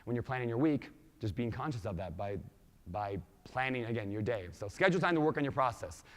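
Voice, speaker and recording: A man's voice: medium pitch, brisk. Man giving a talk in an echoing hall. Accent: mixed Minnesota, Washington and Hawaii. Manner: energetic, quizzes the audience with questions. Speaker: conference speaker. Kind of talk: motivational keynote talk. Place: large conference hall. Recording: reverberant conference hall.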